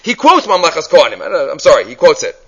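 A man teaching a Torah class, animated, acting out questions and mixing Hebrew terms into his English. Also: on the high side, racing, slightly rough.

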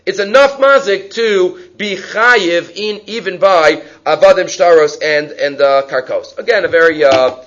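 Man, high voice, Talmud lecture, animated, muffled recording. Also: unhurried, hardly any pauses. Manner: animated, acts out quoted speakers, many fillers. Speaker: Talmud teacher.

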